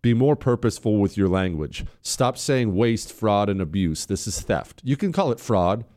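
A man hosting a talk radio show, emphatic and sarcastic, swinging from loud mockery to low, intense points. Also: expressive, moderate pace.

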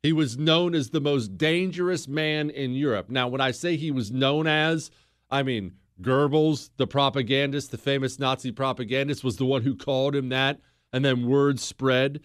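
Male host, casual history talk, animated storytelling, mid-pitched voice, dry close mic. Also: normal speed, no room sound.

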